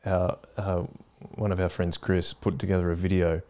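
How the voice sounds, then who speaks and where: Easygoing man, low voice. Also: flat delivery, moderate pace, a little mellow. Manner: easygoing, asks questions, laughs often. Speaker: podcast co-host. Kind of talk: casual chat.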